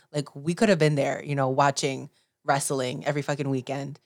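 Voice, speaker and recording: A young woman co-hosting a podcast, chatting excitedly and swearing casually. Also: low-pitched, normal speed, dry recording, studio quality. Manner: excitable, swears casually, acts out her own reactions. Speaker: podcast co-host. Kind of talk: casual chat.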